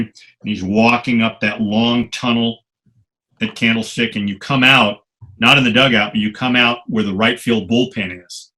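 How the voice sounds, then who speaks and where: An older man, a photographer guest on a podcast, telling long animated anecdotes with some salty language. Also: medium pitch. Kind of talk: storytelling interview.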